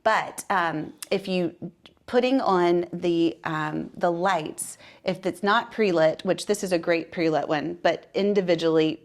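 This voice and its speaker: A woman's voice: lowish voice, measured pace. A woman co-hosting a casual chat from a room in her home, talking in a rambling way with many asides. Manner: chatty, rambling, with frequent asides. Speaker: podcast co-host.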